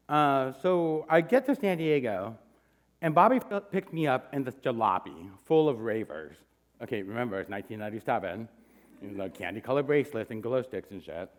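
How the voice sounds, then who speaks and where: A man in his forties tells a funny personal story onstage. He is punchy and self-mocking, and his pitch leaps around in lively swoops. The telling is animated and conversational. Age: 40s. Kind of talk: live comic personal storytelling.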